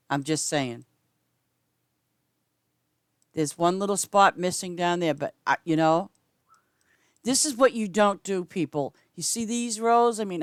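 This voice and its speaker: A woman game streamer chatting casually with her viewers while she plays, rambling and swinging between loud greetings and quiet asides. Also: dry recording, clean studio sound. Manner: chatty, rambling, repeats "I'm just saying"; lively swings in pitch and loudness, sometimes whispering. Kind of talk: casual gameplay chat with viewers.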